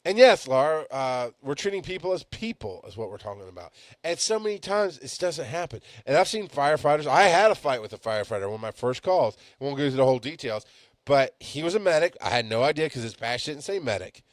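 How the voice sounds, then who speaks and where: A man teaching as a paramedic instructor, telling stories bluntly and swinging between loud emphasis and quiet asides. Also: mid-range voice, big pitch swings, quick pace, no room sound. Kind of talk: storytelling lecture.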